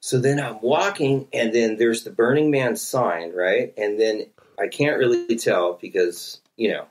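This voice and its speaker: A man spins a rambling story in loose, casual talk, cursing freely. He jumps into the voices of the people he met along the way. His voice sits at an ordinary middle pitch. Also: measured pace. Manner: animated, profane, acts out quotes with voices. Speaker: podcast guest telling a story.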